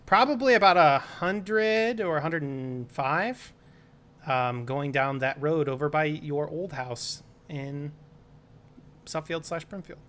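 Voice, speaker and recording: A young man with a bright, slightly high voice runs a lightning round of questions. He talks in a playful, laughing way. The talk is a casual chat between friends. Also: slow. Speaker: podcast co-host.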